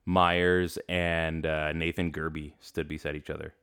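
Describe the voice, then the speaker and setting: Deep-voiced man bantering about hockey. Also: measured pace, clean tone. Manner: animated, jokey, laughs often. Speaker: podcast co-host. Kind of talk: casual sports talk.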